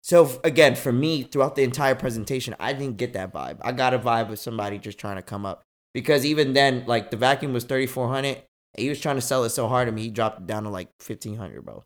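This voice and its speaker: A young man hosting a podcast, telling a story in casual chat, slangy and animated, swearing freely. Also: mid-range voice, fast talker. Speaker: podcast host.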